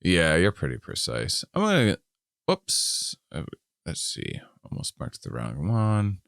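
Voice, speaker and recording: A man's voice: sits low, wildly swooping pitch, slow, creaky, fairly bright tone, dry recording, studio quality. A middle-aged man co-hosting a casual podcast, rambling and self-deprecating as he reads survey questions aloud. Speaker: podcast co-host.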